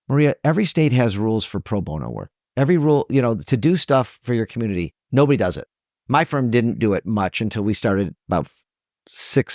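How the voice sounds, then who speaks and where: A man's voice: mid-range voice, darkish tone, no echo, studio quality. A middle-aged man, a trial lawyer, talking earnestly and emotionally as a podcast guest, often restarting his sentences. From Michigan, USA. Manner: earnest, emotional, many restarts and self-corrections. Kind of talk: conversational interview.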